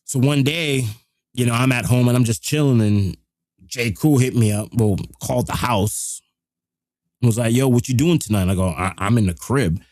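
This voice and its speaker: A middle-aged man, hosting a live show and telling a rough, profane story in casual street slang. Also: mid-range voice, normal speed, darkish tone, no echo, studio quality.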